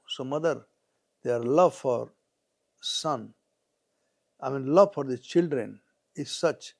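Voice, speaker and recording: A man telling devotional scripture stories in a halting sermon style. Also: mid-range voice, vocal fry, a little mellow. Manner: halting, frequent fillers and restarts. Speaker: scripture storyteller.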